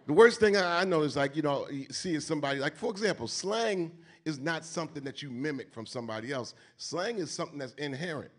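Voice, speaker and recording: A man with a New York accent speaks on stage at an event. He talks in an animated, sermon-like way, loaded with street slang and casual profanity. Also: a little high, a little fast, few pauses. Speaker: keynote speaker. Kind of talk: onstage conversation. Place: event stage before an audience.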